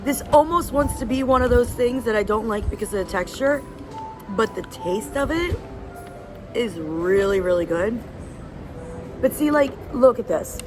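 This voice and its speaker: Her voice is a little high with lively intonation, and she talks at a normal speed over background music. As a travel vlogger on the move through streets and cafes, she chats eagerly to camera about food and places, with traffic and street noise around her.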